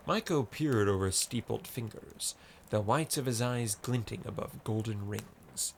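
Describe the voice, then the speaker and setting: A man narrating an audiobook story in a measured, descriptive way. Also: on the low side, gravelly, a little hiss or hum.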